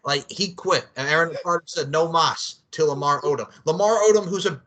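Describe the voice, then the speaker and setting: A man's voice: a little high, a little fast, a bit bright. A man hosting a casual podcast chat, rambling, profane and often laughing. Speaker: podcast host.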